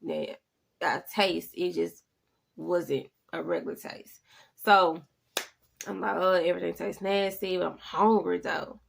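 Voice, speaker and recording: A woman, speaking low with a heavy gravelly fry. She tells a personal story in a relaxed, chatty way, jumping up high and loud whenever she quotes someone, then sinking to breathy near-whispers on the frightening parts. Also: a little slow, a little hiss or hum. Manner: animated, jumps to high exclaiming quoted lines; drops to hushed, breathy tones when talking about fear. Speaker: vlogger.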